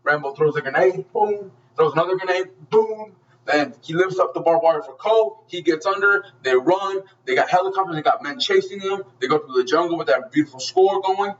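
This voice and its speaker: A man's voice: fairly high pitch, brisk, hardly any pauses, fairly bright tone, distant mic, dull audio. A man giving a casual spoken movie review, gushing and swearing freely as he rambles through the plot with many restarts.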